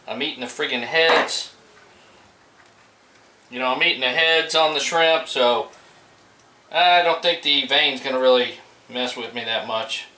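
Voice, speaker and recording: Middle-aged man, bright voice, chatty backyard cooking vlog, roomy sound from a distance. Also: medium pitch, a little slow, long pauses. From US Gulf Coast. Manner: laid-back, chatty, talks to viewers while cooking. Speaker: home cook vlogger. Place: outdoors at a backyard grill. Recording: roomy sound from a distance, faint background noise.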